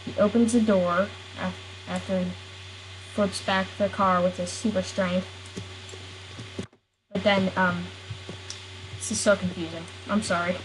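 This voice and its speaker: A woman's voice: mid-range voice, fairly even intonation, measured pace, long pauses, background noise. A woman improvising a silly story, rambling and giggling, and often stopping to correct herself.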